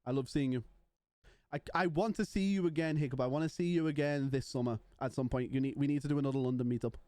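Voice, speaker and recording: A man's voice: medium pitch, fast, mellow, no room sound. A young man streaming live, chatting casually and joking with his viewers. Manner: playful, joking banter with chat.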